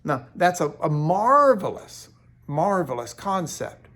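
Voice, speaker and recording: Speaking from his office, a middle-aged Bible teacher gives a daily devotional to camera, earnest and emphatic, often repeating words as he goes. His fairly high voice is a bit bright and slow, with big swings in pitch.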